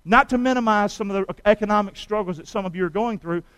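High-voiced folksy preacher, dry sound. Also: male voice, quick pace, a bit bright, clear, resonant tone, no room sound, low-quality recording. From United States. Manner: folksy, storytelling, calls on the congregation to repeat after him. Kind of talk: sermon with call and response.

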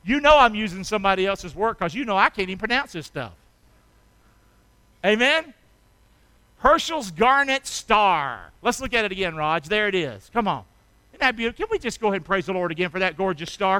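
A man preaching a sermon as pastor, animated and calling on the congregation to respond, swinging from hushed intimacy to loud shouts. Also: high-pitched, a little fast, smooth, no room sound. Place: church.

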